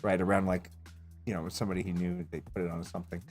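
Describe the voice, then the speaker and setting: A man's voice: low voice, quick pace, faint music behind. A man streaming a game, telling a rambling story casually, swearing often and laughing as he goes. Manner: profane, rambling, animated retelling with laughs.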